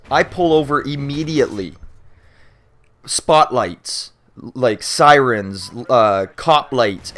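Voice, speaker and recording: A young Canadian man with a mid-range voice tells a story in a loose, casual way. He is animated and swears freely, often stumbling and restarting his sentences. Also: mid-range voice. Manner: animated, acts out shouting cops and panicked friends. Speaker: YouTuber answering viewer questions.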